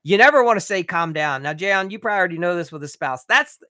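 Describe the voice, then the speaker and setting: A man coaching remodelers in a live training, blunt and a bit profane, talking in quick bursts with restarts. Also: high-pitched, lively intonation, bright, forceful tone, no echo, studio quality. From United States.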